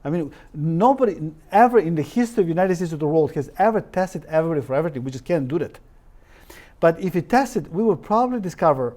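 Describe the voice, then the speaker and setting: A man's voice: fairly high pitch, dark tone. Emphatic man lecturing from slides. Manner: reads quotes aloud, stresses words, drops articles. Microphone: live-stream recording.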